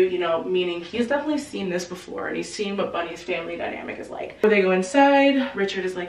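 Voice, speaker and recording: A woman's voice: on the low side, animated, fast talker, hardly any pauses, slight background noise. A young woman in her twenties casually retelling a novel's plot in a chatty, slang-filled way. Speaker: book channel host. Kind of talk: casual book summary storytelling. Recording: roomy, distant from the mic.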